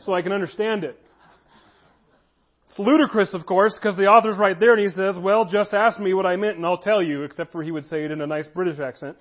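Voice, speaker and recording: A man preaching a sermon as pastor, earnest, slowing down to stress key phrases. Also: high voice, dull audio.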